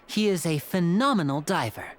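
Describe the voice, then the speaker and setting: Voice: medium pitch, expressive, moderate pace, over loud music, close to an everyday voice. A performer voicing a charming, polite young stage magician in a video game. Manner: polite, smooth, light laughs.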